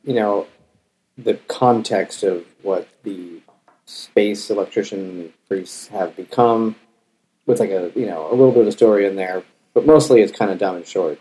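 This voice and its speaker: Husky, mellow-voiced man cracking dry jokes. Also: on the low side, a little slow, rough recording. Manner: dry, offhand wisecracks. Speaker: podcast co-host. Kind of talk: casual chat over beers.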